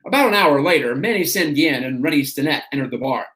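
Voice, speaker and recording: A man hosting a stream, reading an autobiography aloud in a steady storytelling way. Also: a little high, quick pace, few pauses. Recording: roomy echo.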